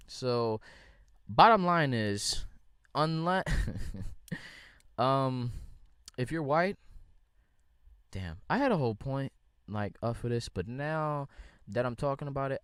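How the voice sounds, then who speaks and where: Here a young man from the United States hosts a podcast with a medium-pitched voice, captured as a dry recording with clean studio sound. He delivers a casual solo rant that rambles, full of slang and heavy swearing.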